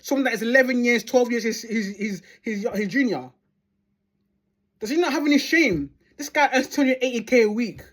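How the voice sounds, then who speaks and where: A woman's voice: on the high side, lively intonation, normal speed. Woman, football fan vlog rant, heated, sweary, repetitive. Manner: heated, sweary, repeats phrases for emphasis.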